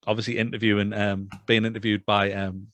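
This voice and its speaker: A man co-hosting a casual film review chat, animated, laughing often and swearing freely. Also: lowish voice, brisk, no echo.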